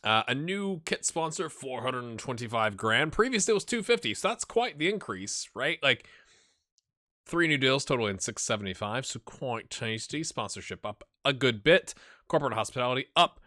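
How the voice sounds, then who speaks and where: A male gaming host talks through his game in a casual commentary style. His voice is bright and forceful, with a lively pitch that swings up and down. He chats freely and mutters asides to himself. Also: moderate pace.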